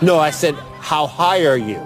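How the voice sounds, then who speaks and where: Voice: medium pitch, lively intonation, normal speed, over music, crowd noise, close to an everyday voice. A performer playing a nosy traffic cop in a comedy sketch, putting mock-official, teasing questions to a driver. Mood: mock-stern.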